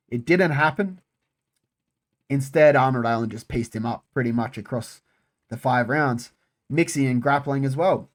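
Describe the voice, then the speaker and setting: A man hosting his own fight-sports channel, talking casually and excitedly, swearing often and repeating phrases for emphasis. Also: mid-range voice. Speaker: MMA channel host. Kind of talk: casual solo commentary.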